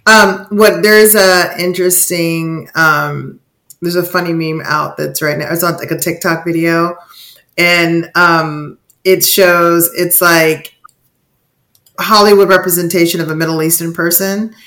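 A woman's voice: fairly low pitch, fairly even intonation, unhurried, a bit bright, rough recording. A woman co-hosting a podcast in casual, emphatic chat, often slipping into mocking quoted asides. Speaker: podcast co-host.

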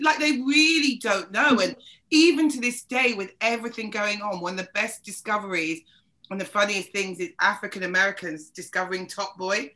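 A woman chats on a panel podcast, her voice bright and forward. She is an animated storyteller who breaks into laughter at her own anecdotes, and her pitch sits in an ordinary middle range. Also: normal speed. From South London. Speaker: podcast co-host. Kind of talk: casual panel chat.

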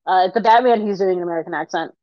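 A woman co-hosting a podcast chats casually and freely, leaning on "like" as she thinks aloud. Her voice is lowish and racing, with no echo, though the recording sounds muffled.

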